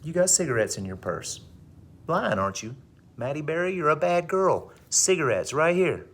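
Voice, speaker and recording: Man playing a stern school principal, theatrical, gloating, raised pitch. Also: very animated, normal speed, a bit bright, heavily acted. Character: stern middle-aged male school principal.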